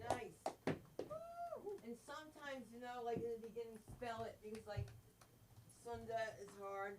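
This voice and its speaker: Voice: mid-range voice, very animated, a little slow, background noise. A comedy teacher giving frank, practical feedback to performers in casual chat after their sets. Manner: frank, advising, anecdotal.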